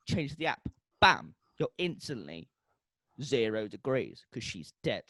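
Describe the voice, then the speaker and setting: Very animated man, dry close mic. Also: medium pitch, a little slow, no room sound. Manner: animated, makes beeping sound effects. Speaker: podcast co-host. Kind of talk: comedic pitch for a made-up product.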